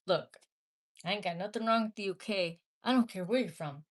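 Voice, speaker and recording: A woman's voice: medium pitch, a little fast. A woman from the Midwest hosting a casual livestream, reading viewer comments aloud and talking back bluntly, with swearing. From American Midwest. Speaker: livestream host.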